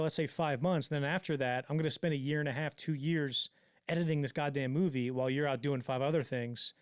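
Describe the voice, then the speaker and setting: A man telling a story on a casual podcast, swearing freely and acting out the quotes in quick put-on voices. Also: a little high, steady tone, smooth, no echo, clean studio sound. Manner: fast, profane, acts out quotes in voices. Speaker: podcast co-host.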